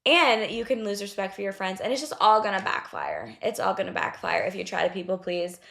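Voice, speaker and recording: A woman's voice: medium pitch, expressive, a little fast, gravelly, fairly bright tone. A young adult woman hosting a podcast, giving casual, blunt advice on friendship and swearing freely as she talks. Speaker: podcast host.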